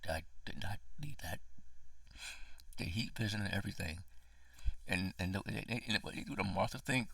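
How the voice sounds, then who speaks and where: A low, gravelly man rants through a casual movie review, swearing and getting worked up, sometimes dropping into a hoarse whisper. His voice is bright and edgy but husky, and the sound is dry, from a mic set back a little. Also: no echo, distant mic. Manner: emotional, profane, dramatic ranting with whispered asides. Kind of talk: casual spoken film review.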